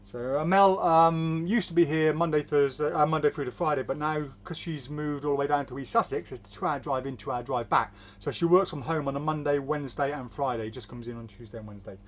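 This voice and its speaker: A man's voice: fairly high pitch, brisk. A man hosting a casual live stream, reading viewer comments aloud with chatty asides and easy laughs. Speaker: host of a magic shop's live show. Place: magic shop studio.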